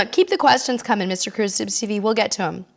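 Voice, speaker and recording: A woman's voice: medium pitch, fast, gravelly. A woman hosting a live-stream cruise chat, answering viewers with a tickle in her throat and coughing now and then. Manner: chatty, interrupted by coughs. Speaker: cruise vlog host.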